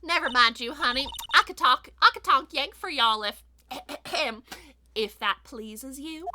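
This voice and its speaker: A woman voicing a brash, loud young Southern country woman with a put-on Southern drawl while playing a video game. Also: high voice, unhurried, a little hiss or hum, pitched above the performer's own voice, exaggerated voice. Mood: friendly. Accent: generic Southern US put-on. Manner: drawling, sassy, folksy. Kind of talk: video game voice-over play-through.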